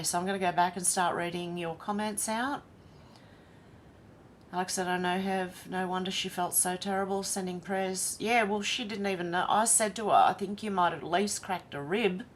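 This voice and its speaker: Australian woman, livestream host, low-ish chatty voice, reads viewer comments aloud with a faint rumbling noise underneath. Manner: chatty, greets viewers one by one. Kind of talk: casual livestream chat, reading comments aloud.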